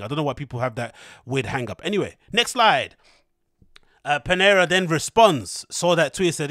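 Cheeky, slangy podcast host. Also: male voice, a little high, fairly quick, dry recording, clean studio sound. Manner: animated, cheeky, profane, slangy. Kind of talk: rambling casual commentary.

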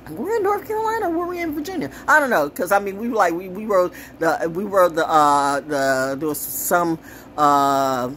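A woman riffing to camera with a low-set voice that swings widely in pitch. She talks in an animated, rambling, sassy way, full of profanity and sharp asides, with faint room ambience behind her. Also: a little hiss or hum. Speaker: commentator. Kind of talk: casual monologue to camera.

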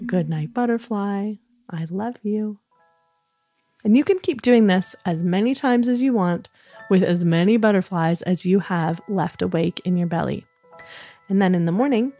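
A woman hosting a children's podcast, leading a gentle, soothing bedtime talk that encourages young listeners. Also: medium pitch.

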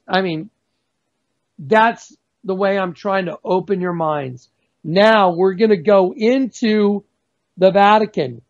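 A man giving a fervent, emphatic religious testimony as a guest on a video call, slowing down to stress key words. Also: sits high. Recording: dull lo-fi sound.

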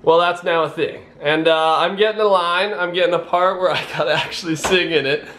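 A young man with a high, light voice chats to his viewers in a casual home vlog. He sounds excitable and a little nervous, laughing between lines and tossing in dude and man. The sound is echoey, as if from a bare room. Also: brisk, a little hiss or hum. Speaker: YouTuber host. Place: at home, indoors.

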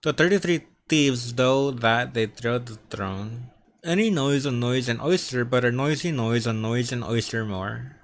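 A man's voice: mid-range voice, a little slow. Man, stutter and lisp, mid-range voice, tongue-twister vlog, faint hiss behind. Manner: stutters, repeating sounds and words. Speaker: vlogger. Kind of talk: practicing tongue twisters on camera. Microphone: wearing earphones.

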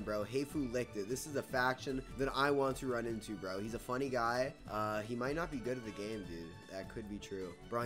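A young man giving excitable live commentary over his own gameplay, swearing and repeating himself as he pleads with the game. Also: medium pitch. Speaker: gaming YouTuber.

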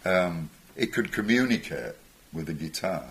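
A man's voice: deep voice, expressive, a little slow, fairly bright tone. An older man, a musician guest on stage, telling rambling anecdotes with chuckles and acted-out voices. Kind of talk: anecdotal storytelling.

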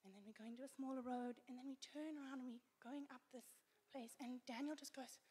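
A woman, a pastor's daughter, telling a story in church in an animated way and laughing often. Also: high-pitched, fairly quick, husky. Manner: animated, laughing as she tells it. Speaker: guest speaker, pastor's daughter.

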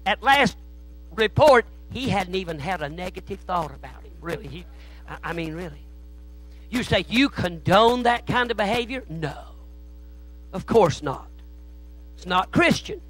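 A preacher with a high, sharp voice delivers his sermon in a church sanctuary. He tells his stories by dropping into hushed asides, then rising into loud, forceful shouting. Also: poor audio. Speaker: guest preacher.

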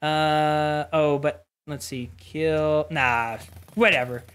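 An adult streamer giving rambling, excitable live commentary while playing game boss fights, with sudden yelps. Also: mid-range voice, takes it slowly, clear, resonant tone. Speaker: streamer playing community-made game bosses.

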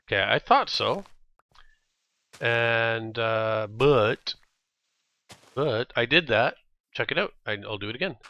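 Bright, gravelly Canadian man streaming. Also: medium pitch, animated, dry recording, lo-fi sound. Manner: rambling, jokey, quick to laugh. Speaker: game streamer. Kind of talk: casual gameplay chat.

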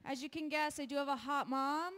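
Young woman doing standup, kinda high voice, chatty, laughs at her own jokes. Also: steady tone, fairly quick, fairly bright tone. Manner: chatty, self-deprecating, laughs between jokes. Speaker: stand-up comedian. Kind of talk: stand-up comedy set. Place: live venue with an audience.

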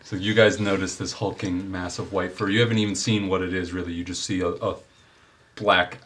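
A man narrating a tabletop game as game master, unhurried and thinking aloud with fillers. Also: low-pitched, flat delivery, fairly bright tone, a little hiss or hum.

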